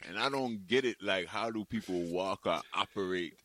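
A man's voice: deep voice, moderate pace, a bit bright. A man co-hosting a casual chat, laid-back, mostly giving short replies.

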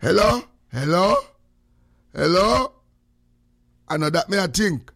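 A man's voice: high voice, expressive, takes it slowly, creaky, fairly bright tone, no room sound, clean studio sound. Joking Jamaican radio host man. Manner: joking, heavy patois, frequent greetings. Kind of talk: casual morning radio chat.

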